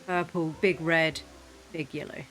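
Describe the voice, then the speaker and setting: A casual gaming host talks the listener through a game, chatty and quick to slip into mock-furious grumbling. Faint game music plays underneath the voice. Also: medium pitch, level tone, a bit bright. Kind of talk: casual gameplay commentary.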